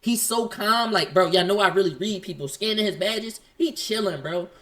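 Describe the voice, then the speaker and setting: A man telling a story in casual slang, acting out both sides of an argument in quick quoted lines. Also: high-pitched, bright, forceful tone.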